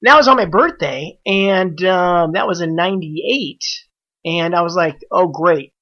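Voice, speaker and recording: Animated man telling a story, lo-fi. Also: high-pitched, a little slow. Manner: animated, acts out quoted dialogue. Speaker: podcast guest, trader. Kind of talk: casual storytelling.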